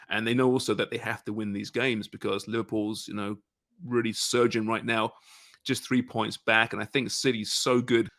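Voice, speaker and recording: A man's voice: on the low side, fairly bright tone, dry recording, studio quality. A man hosting a casual sports betting podcast, talking conversationally and often tagging his points with "right?" and "you know". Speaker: podcast host.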